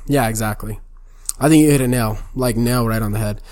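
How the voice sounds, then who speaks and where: A man's voice: medium pitch, brisk, darkish tone. A young man co-hosting a podcast, telling loose, profane stories and saying "bro" and "dude". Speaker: podcast co-host. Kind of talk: casual chat.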